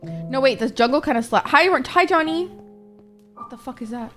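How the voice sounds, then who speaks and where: Woman streamer rambling to chat, swears a lot, kinda high voice, little game music behind. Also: expressive, moderate pace, fairly bright tone. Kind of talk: casual live-stream chat while gaming.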